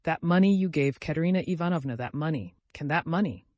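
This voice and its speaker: A man's voice: fairly high pitch, very animated, moderate pace, slightly rough, no room sound, highs cut off, pitched above the performer's own voice. A man voicing a timid young woman who pleads in bewilderment. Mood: bewildered.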